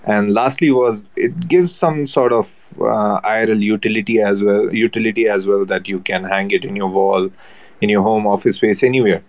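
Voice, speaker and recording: A man's voice: on the low side, fairly even intonation, normal speed, no echo. Earnest man laying out points. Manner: earnest, methodical, lists points with hesitations. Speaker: audience speaker. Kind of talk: casual online audio chat.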